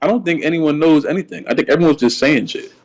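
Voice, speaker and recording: A man co-hosting a podcast in casual wrestling chat. He has a slight lisp and rambles excitedly, repeating words when worked up. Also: a little high, quick pace, low-quality recording. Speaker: podcast co-host.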